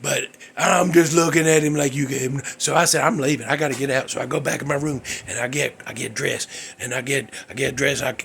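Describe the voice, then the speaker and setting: A man's voice: mid-range voice, fairly even intonation, brisk, gravelly, few pauses, fairly bright tone, a little hiss or hum. A man hosting his own show, telling a dream story in a rambling, folksy, exasperated way. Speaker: host. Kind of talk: comedic storytelling monologue.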